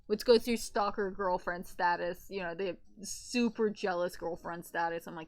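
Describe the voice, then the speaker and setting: A woman's voice: on the high side, animated, a little fast. A woman in her thirties, a streamer, chatting casually and telling gossipy stories in a blunt, profane way while sewing a plushie by hand.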